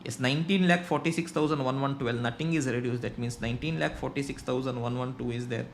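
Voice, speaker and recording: A young man lectures with an Indian English accent, constantly asking his students rhetorical questions. His voice sits at an average pitch for a man. Faint room noise hums under the recording. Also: quick pace, creaky. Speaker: teacher. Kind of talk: classroom lecture.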